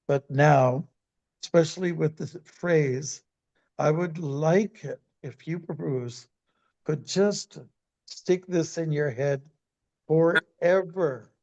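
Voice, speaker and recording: A man, a monk, giving a scripture class as a sermon in a deliberate way, repeating words for emphasis. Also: a little high, gravelly, a little mellow, highs cut off. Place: temple.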